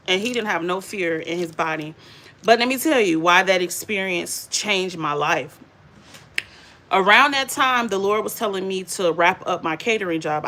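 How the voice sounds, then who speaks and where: A young adult woman, casually telling a lively story to her viewers and laughing often. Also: on the low side. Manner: animated, laughing, addresses viewers as y'all. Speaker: beauty and faith vlogger.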